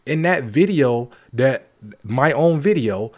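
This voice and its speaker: A man's voice: mid-range voice, animated, slow, darkish tone. Emphatic man ranting to his audience. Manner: emphatic and repetitive, joking asides. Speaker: podcast host. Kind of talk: casual monologue.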